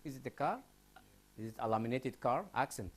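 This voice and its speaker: A man's voice: medium pitch, expressive, a little fast. A man from Sudan lecturing a class on English writing, asking students questions and repeating key phrases.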